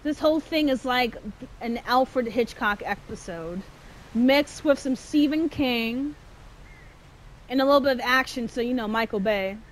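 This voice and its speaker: A woman streaming a horror game, chatting and swearing, jumpy and quick to shout when chased. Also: on the high side, a little hiss or hum. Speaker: gameplay streamer. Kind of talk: casual let's-play commentary.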